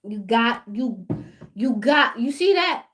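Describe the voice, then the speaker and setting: High-pitched woman ranting to her viewers, laughs a lot. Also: slow pace. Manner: animated, laughing, talks straight to viewers. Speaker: vlogger. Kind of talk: casual storytime rant.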